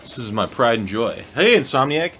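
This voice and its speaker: A man's voice: mid-range voice, very animated, normal speed, bright, forceful tone, a little hiss or hum. Rambling playful male stream host. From United States. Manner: playful, rambling, reads chat aloud. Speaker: livestream host. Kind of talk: casual livestream chat. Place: indoor studio room.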